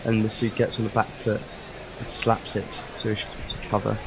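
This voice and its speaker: A man from England giving chatty, lively ball-by-ball cricket commentary. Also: on the low side, moderate pace, background noise. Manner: chatty and lively, calling play.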